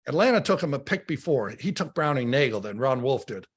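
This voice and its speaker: A middle-aged man, a radio football analyst, telling stories in casual sports talk, animated and often repeating words as he starts a thought. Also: medium pitch, brisk, husky.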